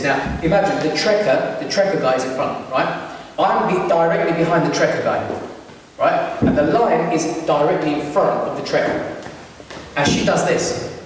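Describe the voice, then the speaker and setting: A British man performs stand-up, telling a story with lively, acted-out gestures and frequent laughter. His voice sits high for a man. The recording is distant and booming, with the long echo of a large hall. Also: a little hiss or hum. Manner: animated, acts out scenes, laughs often. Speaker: comedian. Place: large hall with live audience. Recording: echoey hall recorded from far off.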